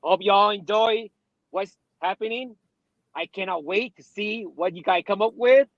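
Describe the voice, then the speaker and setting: A man co-hosting a livestream from his car, excitable and repeating "you know" and "I love it". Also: high voice, a little slow, no echo, lo-fi sound. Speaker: co-host. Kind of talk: casual livestream chat.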